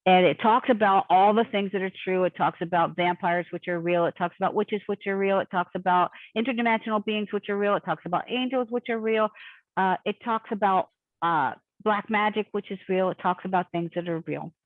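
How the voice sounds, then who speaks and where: A woman telling a story with lively energy, jumping into other people's voices as she goes. Her voice comes over a thin, phone-like line with no room sound around it, like a video call. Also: mid-range voice, a little fast, no echo. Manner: animated storyteller, acts out quoted voices. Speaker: guest. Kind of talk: casual storytelling interview. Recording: tinny phone-like call audio, dry.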